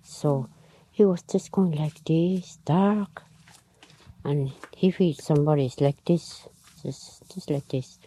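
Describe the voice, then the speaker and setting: A woman slowly tells a traditional tale, her voice low and husky. She pauses often, searches for words and uses nonstandard grammar. The tone is dark and mellow. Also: poor audio. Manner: halting, unhurried telling with many pauses and fillers, nonstandard grammar. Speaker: storyteller. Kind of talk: traditional oral storytelling.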